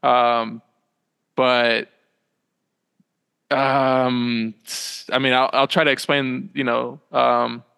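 A young man chatting as a podcast guest from a small room at home, with a bright, forward tone that stays flat and even in pitch. He rambles and halts, piles up fillers and corrects himself mid-sentence. His smooth voice trails a long reverb behind it. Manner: rambling, halting, full of fillers and self-corrections. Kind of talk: casual interview chat.

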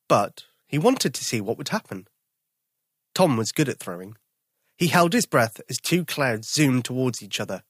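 An expressive storyteller reading a children's picture book aloud. The voice rises and falls in a lively way, and the sound is dry and close to the mic. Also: mid-range voice, measured pace, husky, no room sound.

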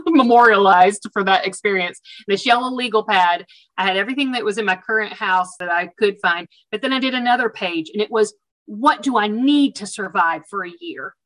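A woman telling a personal story as an interview guest in a casual, animated and chatty way, amused at herself. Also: mid-range voice, rough recording.

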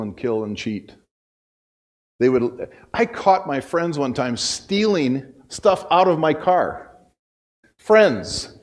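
A pastor delivers his sermon in an easy, story-driven way from the front of a church. His voice sits at a middle pitch and swings between raised, emphatic bursts and near-whispered asides. He speaks as a man talking to his own congregation. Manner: conversational storytelling, swings from loud to hushed.

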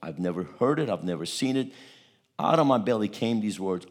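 A man's voice: fairly low pitch, lively intonation, normal speed. A man preaching a testimony sermon, telling a story with repeated words and a voice that swells at its peaks.

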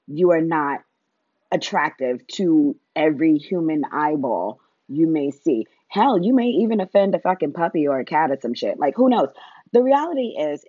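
A woman's voice: low-pitched, mellow, husky, no echo, muffled recording. A woman, ranting bluntly and profanely, laughing as she talks. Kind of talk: casual comedic rant.

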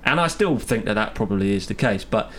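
A man's voice: fairly low pitch, expressive, fairly quick, fairly bright tone, a little hiss or hum. A young man hosting a podcast, chatting easily about faith and often laughing. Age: young adult. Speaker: podcast host. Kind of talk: casual chat on faith.

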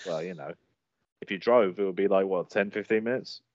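A man's voice: sits low, fairly quick, dry recording. A man co-hosting a podcast, chatting casually, teasing and laughing often. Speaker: podcast co-host. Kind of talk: casual chat. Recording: dry, muffled lo-fi audio.

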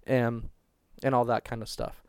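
A man's voice: medium pitch, flat delivery, unhurried, smooth, no room sound. A young man telling a crude, rambling story on a casual podcast, swearing constantly and restarting his sentences. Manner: profane, rambling, restarts a lot.

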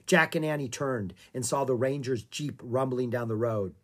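An audiobook narrator reading a children's story aloud in a calm, expressive way. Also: mid-range voice, moderate pace.

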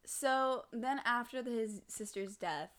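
A woman in casual chat, retelling an anime episode in an animated way and acting out the characters. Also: a little high, measured pace.

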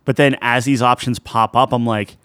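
A man's voice: medium pitch, fairly even intonation, fairly bright tone, clean tone, dry recording, studio quality. A man co-hosting a podcast, chatting casually and asking his partner questions. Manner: conversational, asks questions, halting restarts. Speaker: podcast co-host. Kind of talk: casual chat.

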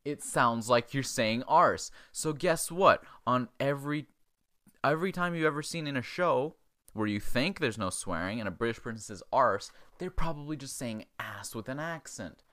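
A man's voice: mid-range voice, expressive, moderate pace, fairly bright tone, no room sound, clean studio sound. A man hosting a comedy podcast, rambling crudely in casual chat and chuckling as he goes. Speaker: podcast host.

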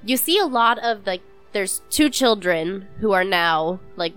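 A woman's voice: medium pitch, fairly bright tone, smooth. A woman in a casual chat, patiently explaining the story to the others.

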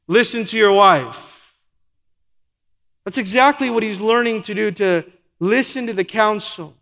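A man's voice: sits high, a bit bright, big-room sound. A man preaching a sermon as pastor, asking the congregation rhetorical questions and acting out quoted lines.

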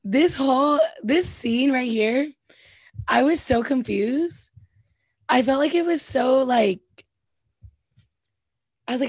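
A woman's voice: high voice, slow, pauses often, slightly rough, dry recording. A woman co-hosting a podcast, giving blunt, opinionated takes in casual chat and swearing freely. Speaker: podcast co-host.

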